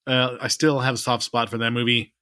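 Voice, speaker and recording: A man's voice: mid-range voice, little pitch movement, a little fast, pushed and bright, smooth, dry recording, studio quality. A man co-hosting a podcast, chatting casually with a rambling, laid-back manner that trails off at the ends of lines. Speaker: podcast co-host. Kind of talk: casual chat.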